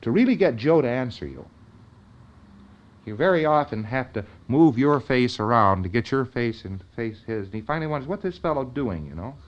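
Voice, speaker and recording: A man's voice: mid-range voice, animated, moderate pace, highs cut off. A man giving an informal lecture in a conversational way, often checking in with his listeners.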